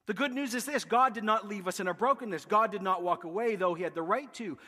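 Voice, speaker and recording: A man preaching a sermon as pastor, emphatic, building rhythmic lists with quick asides. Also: sits high, bright, forceful tone. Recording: long reverb of a large hall.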